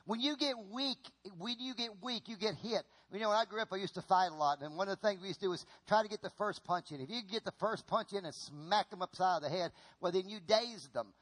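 High-voiced animated male preacher. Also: fast, hardly any pauses. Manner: animated, repetitive, folksy. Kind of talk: sermon with stage demonstration.

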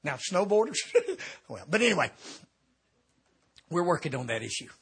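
A middle-aged man, an evangelist, telling a comic story in a sermon, swinging between shouting and quiet confession. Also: fairly high pitch, sing-song, normal speed, creaky, slightly rough. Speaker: evangelist preacher.

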